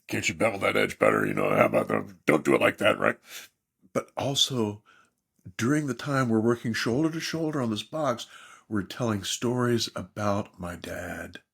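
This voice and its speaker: A man's voice: low voice, creaky, breathy edge. An older man, a therapist and author, speaking as a podcast guest in an emphatic storytelling manner. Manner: animated, emphatic storyteller, mimics others in quotes.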